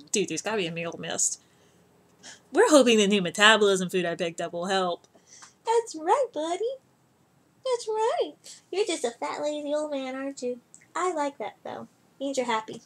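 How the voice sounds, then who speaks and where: A woman's voice: mid-range voice, a bit bright. A young adult woman chatting casually to camera, rambling, laughing often, and cooing baby talk at her cat. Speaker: vlogger.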